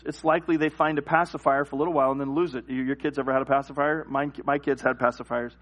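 A middle-aged male pastor preaching a sermon, telling animated personal stories and acting out the scenes. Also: medium pitch, quick pace, lo-fi sound. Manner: animated storytelling, acts out scenes and cries.

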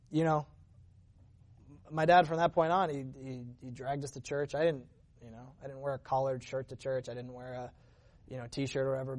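A man's voice: on the high side, darkish tone. A man sharing a personal testimony at church in an earnest, conversational way, often restarting his sentences. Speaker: church member giving a testimony.

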